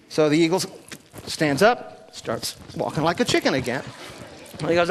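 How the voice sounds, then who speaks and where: A man telling a traditional story live on stage, animated and teasing the audience with asides. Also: on the high side, moderate pace. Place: stage at a cultural gathering. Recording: long hall reverb.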